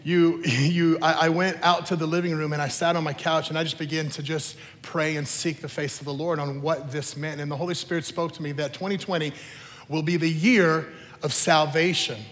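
With a fairly bright, rather high voice that barely moves in pitch, the male pastor preaches at a normal speed. He tells his sermon stories casually, teasing as he goes, while a big hall's long reverb trails his words.

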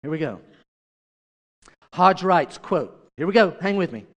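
A man's voice: high voice, lively intonation, a little slow, big-room sound. A male pastor preaching a sermon, chatty and direct, often turning to the congregation with questions.

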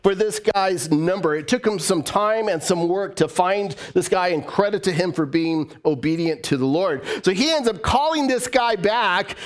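Animated male pastor preaching. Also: high-pitched, normal speed, few pauses. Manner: animated storytelling, voice rising and falling. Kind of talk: sermon.

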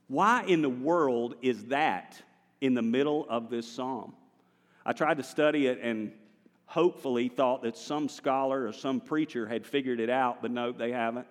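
Guy preaching a sermon, chatty and animated, big echoey church sound. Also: medium pitch, moderate pace. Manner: animated, conversational preaching with the congregation. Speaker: pastor. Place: large church sanctuary.

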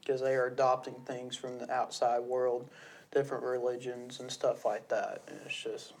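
A man's voice: medium pitch, level tone, moderate pace, vocal fry, a little mellow. A man, a guest, telling stories from a mission trip in a casual, plainspoken way, laughing often. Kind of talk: casual conversation.

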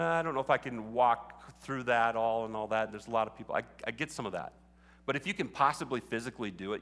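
Bright-voiced pastor preaching in a reverberant hall. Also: male voice, medium pitch. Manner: conversational, building to fervent exhortation. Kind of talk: sermon. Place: church sanctuary. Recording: long reverb of a large hall.

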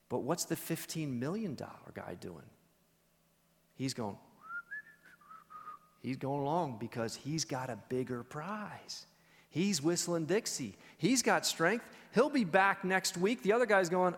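A man teaching a church Bible study in a conversational, animated storytelling way. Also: a little high, measured pace, in a large hall.

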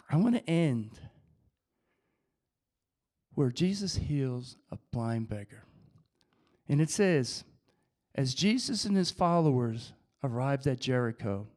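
Male preacher, high voice, energetic conversational sermon. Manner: energetic, conversational, repeats phrases.

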